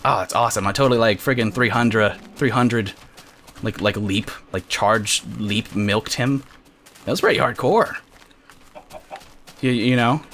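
A man hosting a casual let's-play, talking excitably and jokingly, often yelping at what happens on screen. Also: fairly low pitch, a little slow, pauses often, slight background noise. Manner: excitable, yelps and shouts at the game, jokey. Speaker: gamer host.

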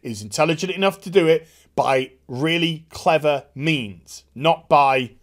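A man giving a casual, animated and profane TV episode review. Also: fairly high pitch. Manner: animated, profane, quick impressions. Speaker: TV show reviewer.

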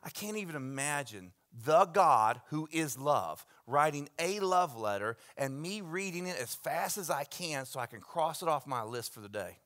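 A man preaching as a pastor, telling stories with big swings from hushed asides to loud bursts. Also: fairly high pitch, animated, normal speed, few pauses. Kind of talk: sermon. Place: church sanctuary.

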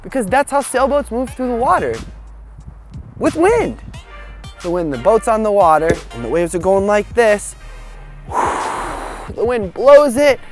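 Goofy, animated man hosting a kids' show. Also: high-pitched, a little slow, pauses often, soft background music. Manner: bubbly, goofy and animated, talks to viewers directly. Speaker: children's show host. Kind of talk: kids' educational show presenting. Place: outdoors in a windy field.

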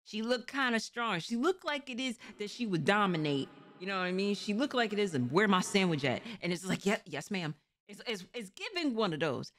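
A woman hosting a reaction video in loose, casual chat. She rambles, corrects herself and laughs easily. Her voice sits at an ordinary middle pitch. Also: sing-song, brisk, few pauses, a bit bright.

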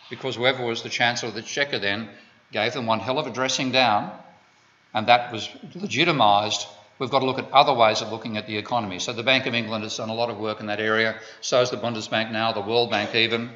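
A man's voice: mid-range voice, pushed and bright. An Australian man giving an economics lecture, digressive and full of wry asides. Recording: dull lo-fi lecture recording.

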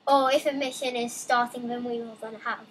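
Young woman, high voice, chatty, excitable, reads game text aloud, faint room hum. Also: a little fast, rough recording. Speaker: let's play gamer. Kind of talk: casual game commentary.

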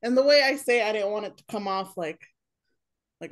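A woman's voice: fairly high pitch, fairly quick. A young woman in casual chat who rambles and fills her talk with "like". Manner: rambling, heavy use of "like".

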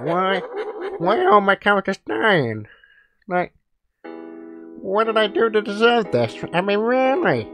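A man's voice: high-pitched, sharp tone. A man doing an impression of a middle-aged cartoon dad, commentating a horror game in a hesitant way. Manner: hesitant, many uhs, yelps in panic. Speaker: gameplay commentator. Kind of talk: Let's Play commentary in an impression voice. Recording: music playing behind.

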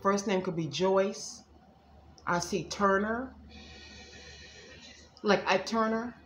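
A woman's voice: mid-range voice, takes it slowly, roomy sound, soft background music. A woman giving casual psychic readings to viewers, chatty and folksy, calling them y'all. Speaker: psychic reader.

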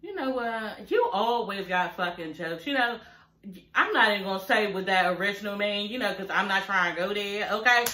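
Bright, chatty, profane woman vlogger. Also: mid-range voice, animated, normal speed, echoey room. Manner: chatty and profane, keeps addressing viewers as y'all; laughs often while talking. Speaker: reality TV recapper. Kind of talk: casual episode recap.

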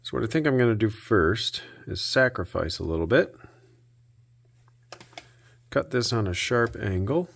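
A man hosting a repair video, narrating his work out loud with dry little jokes to himself. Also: fairly low pitch, lively intonation, measured pace, creaky, long pauses. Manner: self-talk with dry jokes. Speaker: host.

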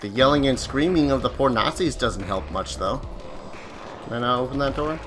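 With lively intonation and a fairly bright, medium-pitched voice, a let's player comments casually at normal speed as he games. He jokes, exclaims, and yelps when startled, and there's a little hiss or hum.

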